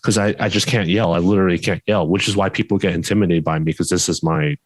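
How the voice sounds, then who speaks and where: A man co-hosting a podcast in casual chat, stern and even-toned, his voice worn and starting to go. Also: sits low, fast, dry recording. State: losing his voice. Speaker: podcast co-host, martial arts instructor.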